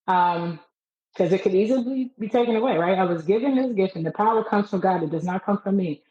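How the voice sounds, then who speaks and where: A woman guest on a podcast giving a faith testimony in casual chat, preaching and telling stories with animated delivery. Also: mid-range voice, moderate pace, highs cut off.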